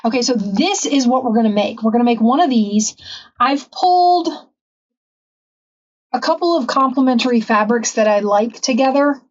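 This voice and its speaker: Chatty higher-voiced woman, distant mic. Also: expressive, normal speed, lo-fi sound. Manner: chatty, rambling, frequent ums. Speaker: craft channel host. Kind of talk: casual craft tutorial. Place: home craft room.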